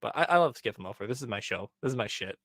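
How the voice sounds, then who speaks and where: This is a young man's podcast recap, delivered at a racing pace in a mid-range voice with no room sound at all. Playing out the characters' dialogue, he keeps the casual chat animated and scattered with fillers like "um" and "like".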